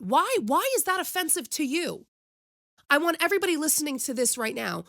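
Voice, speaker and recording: Impassioned, gravelly-voiced woman host. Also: sits high, big pitch swings, normal speed, pauses often, fairly bright tone, dry recording, clean studio sound. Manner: impassioned, preachy, addresses listeners directly. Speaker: podcast host. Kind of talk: opinionated solo commentary.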